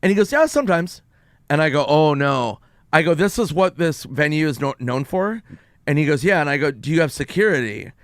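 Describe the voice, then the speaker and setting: A man's voice: a little high, expressive, brisk, no room sound, clean studio sound. Man in his forties telling wild stories. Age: 40s. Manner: storytelling, acting out both sides of conversations. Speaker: stand-up comedian guest. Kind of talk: casual radio chat. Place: radio studio.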